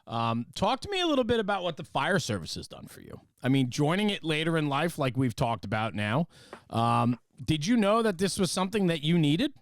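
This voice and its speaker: A man's voice: fairly high pitch, sing-song, fairly quick, no echo, studio quality. Encouraging male podcast host. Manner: encouraging, short affirmations. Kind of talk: casual interview.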